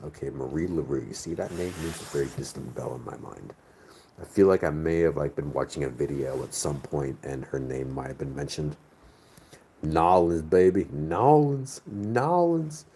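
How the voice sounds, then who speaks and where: A man's voice: extremely low pitch, steady tone, brisk, dark tone, a little hiss or hum. A man from the northern United States hosting a casual live chat, rambling and searching aloud for his words. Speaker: host. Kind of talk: casual live chat reading viewer comments.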